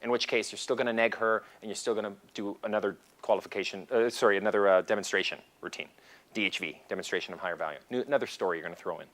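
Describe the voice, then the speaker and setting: Male seminar instructor, animated lecturer, acts out scenes mid-talk. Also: fairly low pitch, racing. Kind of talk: lecture to a class.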